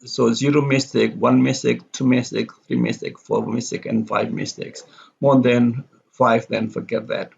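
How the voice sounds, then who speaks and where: Man, lecturer, gravelly, husky, halting with self-corrections, non-native Indonesian speaker. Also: mid-range voice, fairly even intonation. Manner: speaks deliberately, explaining step by step. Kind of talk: recorded lecture. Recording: dull lo-fi recording.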